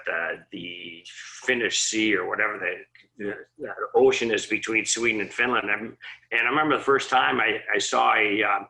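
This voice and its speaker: A former assistant hockey coach from Minnesota, appearing as an interview guest, rambles through a recruiting story, chuckling and restarting often. His fairly low voice is gravelly, pushed and bright, and the recording is rough.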